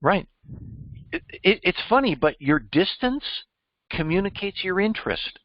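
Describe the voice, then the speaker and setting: A man's voice: high voice, big pitch swings, unhurried, dry recording, dull audio. A man mentoring a group on job interviews, emphatic and teacherly, quizzing his listeners as he goes. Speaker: cybersecurity mentor. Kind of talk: coaching discussion.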